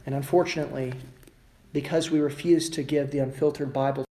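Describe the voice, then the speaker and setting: A man's voice: steady tone, a little fast. Emphatic man preaching a sermon. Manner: emphatic preaching with wide swings in pitch and loudness; mocking voices of the world in sarcastic asides. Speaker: pastor.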